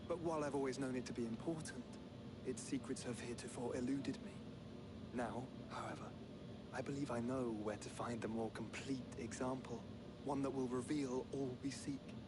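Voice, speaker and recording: An actor playing an earnest, formally spoken young scholar in a game, with noise behind. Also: male voice, mid-range voice, steady tone, moderate pace, close to an everyday voice.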